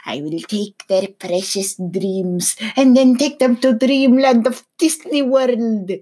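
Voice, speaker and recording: A young man putting on the voice of a creepy, scheming hacker, slow and mock-sinister. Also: extremely high pitch, dark tone, breathy edge, voice pushed up, full character voice. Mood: mock-menacing.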